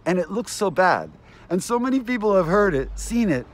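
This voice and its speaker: Agitated man ranting, lively pitch. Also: normal speed. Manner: agitated, aggrieved, repeats himself. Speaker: vlogger. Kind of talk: ranting monologue to camera.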